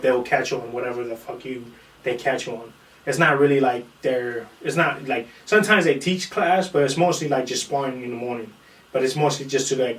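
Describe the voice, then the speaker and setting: A man in casual podcast talk, spinning a swear-laden story and acting out everyone's lines. His voice sits at an ordinary middle pitch. The recording is roomy and echoey, and he sounds set back from the microphone. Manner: animated, profane storytelling that acts out quotes. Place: room in a small podcast setup. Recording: roomy echo, far from the mic.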